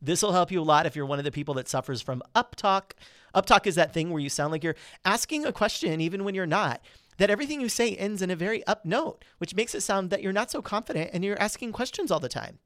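A man hosting a podcast, giving quick, energetic coaching tips on presenting with melodic, well-placed pauses. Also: sits high, no room sound, studio quality. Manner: melodic, modulated emphasis. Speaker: podcast host.

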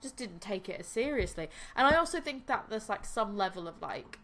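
A woman's voice: mid-range voice, big pitch swings, fairly quick, a bit bright, a little hiss or hum. A young woman co-hosting a podcast, chatting casually and rambling with lots of fillers as she rants. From United States. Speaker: podcast co-host. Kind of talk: casual chat.

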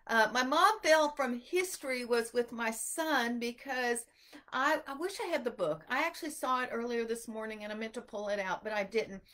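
A middle-aged woman, talking casually to her viewers on a live stream about homeschooling and telling animated stories about her family. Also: fairly high pitch, moderate pace. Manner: chatty, animated storytelling with self-quotes. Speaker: homeschooling podcast host. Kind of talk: casual livestream talk.

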